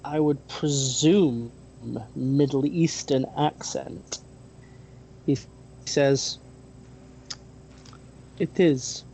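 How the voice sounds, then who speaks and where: A game master narrating a tabletop role-playing game, pausing often with ums and restarts. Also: medium pitch, steady tone, warm tone, a little hiss or hum, low-quality recording. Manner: hesitant, many ums and restarts.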